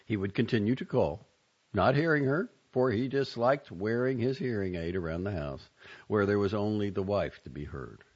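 Low-voiced man reading fiction expressively. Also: moderate pace, breathy edge, muffled recording. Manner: expressive, dramatic delivery. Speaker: reader. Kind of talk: literary reading of fiction and poetry.

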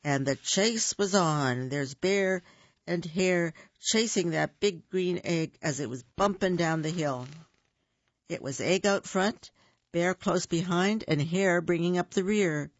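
A storyteller reading a children's picture book aloud in a slow, rhythmic, sing-song way. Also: medium pitch, no room sound, highs cut off.

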